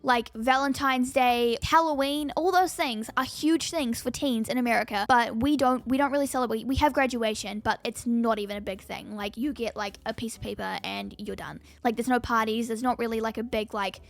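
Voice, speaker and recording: A woman's voice: a little high, moderate pace, few pauses. Chatty New Zealand teenage girl. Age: teens. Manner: lively, chatty, many "like" fillers. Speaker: vlogger. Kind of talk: casual chat to camera.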